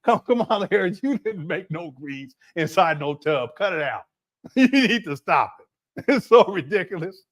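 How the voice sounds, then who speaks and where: High, lively man laughing through commentary. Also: normal speed. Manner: laughs constantly, mocking. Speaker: livestream host. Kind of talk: casual livestream commentary.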